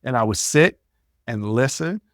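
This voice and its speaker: A man's voice: medium pitch, animated, a little slow, dry recording, studio quality. A man hosting a podcast, telling stories in a blunt, casual way and often repeating words as he thinks. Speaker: podcast host. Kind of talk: casual storytelling monologue.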